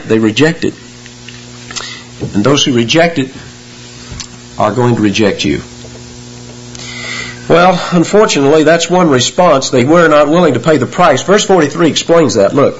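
Husky preacher man, lo-fi recording. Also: on the high side. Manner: expository preaching with rising emphasis on key words. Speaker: pastor. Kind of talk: sermon.

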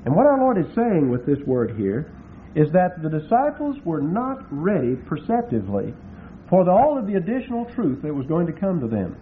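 A man preaching an expository Bible sermon, slowing down to stress and spell out Greek words. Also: on the high side, huge pitch swings. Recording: tinny phone-like recording with faint hiss.

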